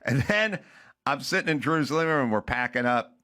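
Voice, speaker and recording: Animated, ranting comedic male podcast host. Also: medium pitch, moderate pace. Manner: exasperated, animated complaining with mock outrage.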